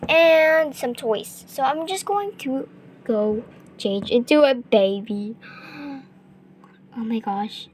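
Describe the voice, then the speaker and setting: A young woman casually narrating her gameplay, rambling with lots of fillers and excited gasps. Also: high voice, takes it slowly, long pauses, a little hiss or hum. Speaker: gaming vlogger. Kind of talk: casual game commentary.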